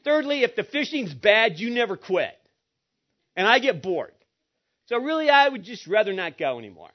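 Brief: whiny middle-school boy, as a man quotes him, high-pitched, muffled lo-fi recording. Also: big pitch swings, moderate pace. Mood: complaining. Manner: listing complaints.

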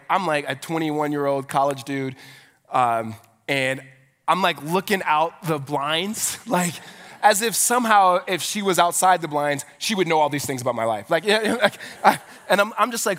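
Male pastor, thirties, slightly high voice, conversational storytelling sermon, reverberant large hall. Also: fairly quick, a bit bright. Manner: conversational storyteller, filler-heavy, with rising preaching fervor.

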